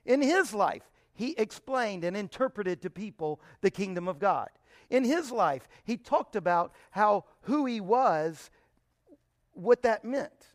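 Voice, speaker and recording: A man's voice: sits high, lively intonation, slow, dry recording, clean studio sound. A man giving an emphatic Bible teaching, often posing rhetorical questions to his listeners.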